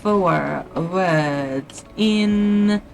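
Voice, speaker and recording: A woman streams her writing session from her desk and thinks out loud to viewers in unhurried, muttered chat. Her voice sits fairly low and moves at an extremely slow pace. A little music plays softly behind her. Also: gravelly, low-quality recording. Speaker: livestreamer doing writing sprints. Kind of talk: casual livestream chat. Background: faint music playing.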